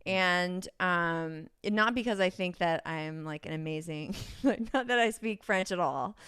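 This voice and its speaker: A woman's voice: on the low side, a little slow, fairly bright tone, clean tone, no echo, studio quality. A woman with a Californian accent, a podcast guest who rambles and giggles through casual chat, full of ums. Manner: rambling, giggly, many fillers.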